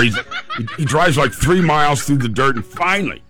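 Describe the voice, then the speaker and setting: A man's voice: fairly high pitch, sing-song, a little slow. A man hosting a show, telling a funny story in a casual, chatty way with restarts. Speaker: podcast host.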